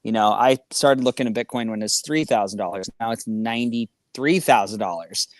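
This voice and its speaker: Man telling animated rambling stories. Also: fairly low pitch, normal speed, dry recording, clean studio sound. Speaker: podcast guest. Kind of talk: casual conversation.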